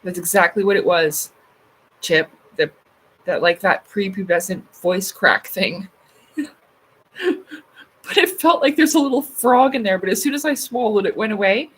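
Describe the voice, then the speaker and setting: Her mid-range voice is a bit bright and husky, and she keeps a moderate pace broken by long pauses. She's a livestream host casually chatting and reading comments, filling her speech with fillers and swearing freely. The audio quality is poor.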